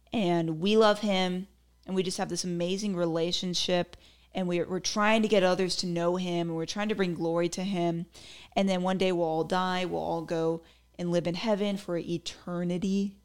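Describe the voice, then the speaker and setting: In a smooth voice on the lower side, a young woman runs her own podcast solo. She keeps things casual, leaning on "like" as a filler and dropping in giggly asides.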